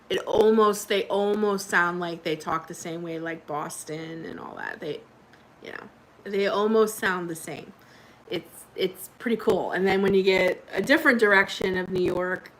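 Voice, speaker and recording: Woman, livestream host, casual chat with viewers, laughs a lot, bright voice, mid pitch, home webcam. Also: a little hiss or hum, poor audio. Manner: chatty, laughs often, talks to viewers. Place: home indoors by a window.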